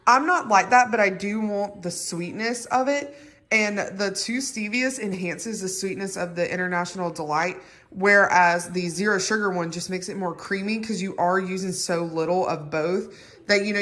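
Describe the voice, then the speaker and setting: A young woman, chatting and rambling casually to her phone camera at home as a mother and vlogger. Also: medium pitch. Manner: chatty, rambling, warm toward viewers. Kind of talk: casual vlog chat to camera. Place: at home indoors. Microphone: handheld phone camera.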